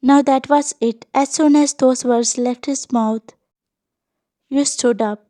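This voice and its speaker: A woman reading a fan fiction story aloud as scripted narration, in a steady reading voice. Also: high voice, measured pace.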